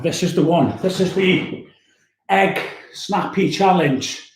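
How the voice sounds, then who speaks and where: A man's voice: high-pitched, takes it slowly, echoey room, a little hiss or hum. A man, a youth worker chatting casually and cheerfully on a livestream, laughing often. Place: room at home.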